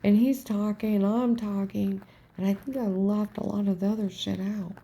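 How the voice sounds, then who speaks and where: A woman's voice: medium pitch, steady tone, moderate pace, dark tone. A woman telling a personal story in a rambling, emphatic way, often dropping to a whisper. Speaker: storyteller recounting events.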